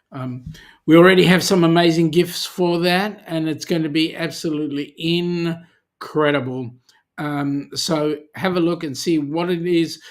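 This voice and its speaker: A man's voice: fairly high pitch, fairly even intonation, unhurried. An Australian man hosting a charity channel livestream in a casual, chatty way, reading viewer comments aloud and answering them.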